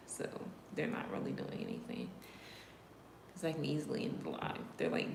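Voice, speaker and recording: A woman with a low voice hosts a casual livestream chat, speaking directly to her viewers. She slips into whispers now and then and laughs often. Her voice rings in a roomy space with faint background ambience. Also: huge pitch swings, normal speed, creaky, a little mellow, slight background noise. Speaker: livestream host. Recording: roomy room echo.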